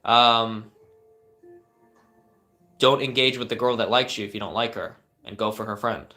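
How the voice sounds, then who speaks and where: A man's voice: fairly low pitch, fairly even intonation, moderate pace, pushed and bright, soft background music. A young man hosting a live stream, answering viewer questions with earnest coaching advice and frequent fillers and restarts.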